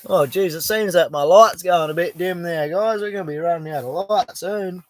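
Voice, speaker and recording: This livestream host is a middle-aged man from Western Australia, chatting casually from an outback bush camp. His voice is high-pitched and his pace normal, with no echo, and he talks bluntly and laid-back, cursing freely.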